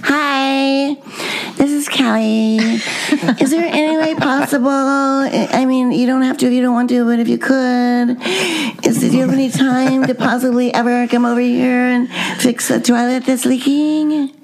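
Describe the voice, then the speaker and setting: Woman doing a squeaky sugary pleading lady voice, super timid and apologetic. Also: fairly even intonation, a little slow, vocal fry, a little mellow. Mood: pleading sweetness.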